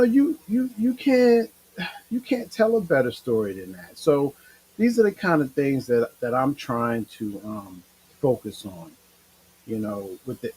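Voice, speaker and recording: Husky, animated middle-aged man talking casually. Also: mid-range voice, rough recording. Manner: emotional, rambling, animated. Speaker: livestream show host. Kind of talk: casual livestream monologue.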